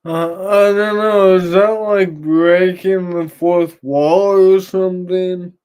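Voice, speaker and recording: A man's voice: sits high, steady tone, slow pace, a little mellow, clean tone. A man hosting a Bible reading livestream, chatting casually and teasing his viewers in a sing-song way.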